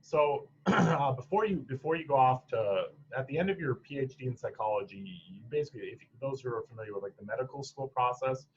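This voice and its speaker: Fast and barely pausing, a medium-pitched podcast guest from Michigan's Upper Peninsula rambles through a casual interview about his clinical training, with many restarts and laughs. The recording sounds muffled, carrying a little hiss or hum.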